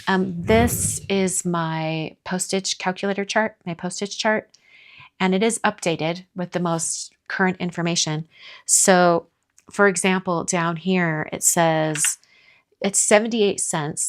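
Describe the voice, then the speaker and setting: A woman's voice: lowish voice, steady tone, a little slow, a little hiss or hum. A middle-aged woman from the American South hosting a card-making live stream in casual chat, reading viewer comments aloud and answering them.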